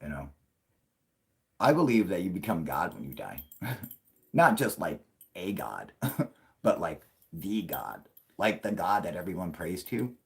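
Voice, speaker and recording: A man's voice: low-pitched, very animated, a little slow, creaky, pauses often, slightly rough. A man hosting a casual late-night livestream, talking in a rambling, profane way and laughing often. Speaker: livestream host.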